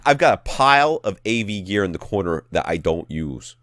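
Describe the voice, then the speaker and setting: A man's voice: on the low side, sing-song, normal speed, a bit bright, no room sound, clean studio sound. A man co-hosting a podcast, chatting casually and reading a listener's letter with joking mock drama. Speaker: podcast co-host. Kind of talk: casual chat.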